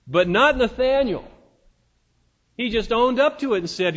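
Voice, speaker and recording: High-voiced man preaching in a hall. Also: very animated, unhurried, long pauses, a bit bright. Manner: folksy, conversational preaching with rhetorical asides. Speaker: pastor. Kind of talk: sermon. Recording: dull lo-fi sound in a reverberant hall.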